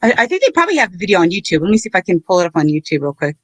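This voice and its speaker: A woman hosting a casual livestream, talking in an earnest, halting and apologetic way. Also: fairly low pitch, big pitch swings, no room sound. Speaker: livestream host.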